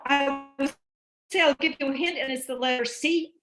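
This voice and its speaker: A woman giving a chatty online talk to teachers, animated and given to restarts. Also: high voice, moderate pace, reverberant. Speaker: presenter.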